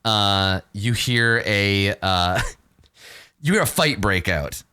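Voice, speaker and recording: A man's voice: fairly low pitch, lively intonation, slow, sharp tone, clear, resonant tone. A man narrating as game master in a tabletop game, loose and chatty with many fillers.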